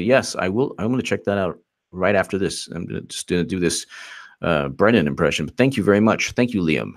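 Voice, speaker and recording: A man's voice: low voice, animated, a little fast. A man hosting a casual political commentary channel, sarcastic and mocking as he reads messages aloud.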